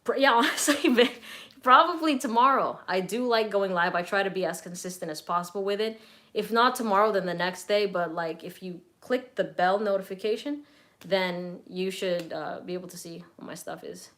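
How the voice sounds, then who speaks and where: Young woman, casual live Q&A host, blunt and chatty, swears a lot, mid-pitched voice. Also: moderate pace, fairly bright tone. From Southern California. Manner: chatty, blunt, swears freely, reads out viewer comments. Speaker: fragrance reviewer and streamer.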